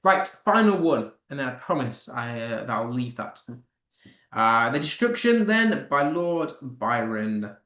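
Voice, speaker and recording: A man's voice: medium pitch, sing-song, a bit bright. British man teaching in an echoey room. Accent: British English. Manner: encouraging, reads verse slowly with stress. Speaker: English teacher. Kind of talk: live online lesson.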